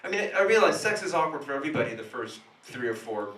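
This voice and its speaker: A man performing a stand-up comedy monologue in a small café, telling an animated story that swings between hushed asides and sudden loud outbursts. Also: fairly high pitch, fast talker, heavy background noise. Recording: roomy café sound from a distant camera.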